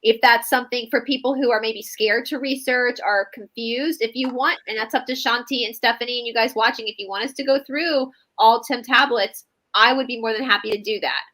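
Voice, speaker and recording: A woman co-hosting a casual live stream about spiritual topics, animated and quick to laugh. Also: on the high side, low-quality recording.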